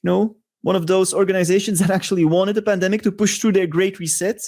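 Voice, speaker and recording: Male show host, high-pitched, conspiratorial commentary monologue. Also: fairly even intonation, quick pace, darkish tone. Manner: conspiratorial, rhetorical asides.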